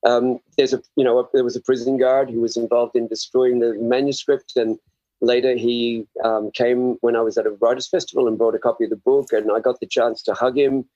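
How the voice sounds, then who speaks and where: A man's voice: mid-range voice, little pitch movement, brisk, mellow, dry recording. An older man with an Australian accent, an author guest giving earnest, rambling, self-searching interview answers over slightly muffled remote audio.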